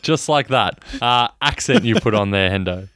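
A man's voice: fairly low pitch, moderate pace, a bit bright, smooth, no echo. A man co-hosting a movie podcast, teasing his friend and laughing often in casual chat. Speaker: podcast co-host.

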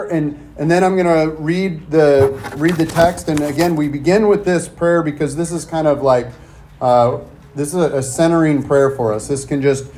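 A man preaching a casual, halting sermon as a pastor and reading scripture aloud. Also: mid-range voice, a little mellow.

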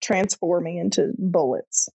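A woman co-hosting a casual comedic commentary in a husky, breathy voice. She muses out loud with a wry tone. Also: lowish voice, unhurried, rough recording.

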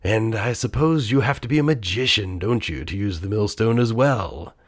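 A man's voice: fairly low pitch, normal speed, voice pushed up, lightly acted. A man voicing a greedy, sly male thief in a storybook reading, teasing and muttering asides. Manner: scheming, teasing, whispering asides.

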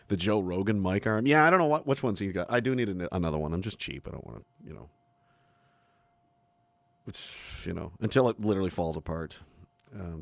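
A man's voice: on the low side, creaky, no room sound. A man live streaming who chats casually into a close mic on an arm, rambling, swearing and mocking himself. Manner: rambling, profane, self-mocking. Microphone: close studio mic on an arm.

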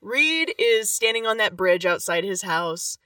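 A woman's voice: mid-range voice, lively intonation, unhurried, pushed and bright, dry recording, recorded from a distance. A woman co-hosting a podcast, recapping a film in casual chat with gushing asides and laughter. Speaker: podcast co-host.

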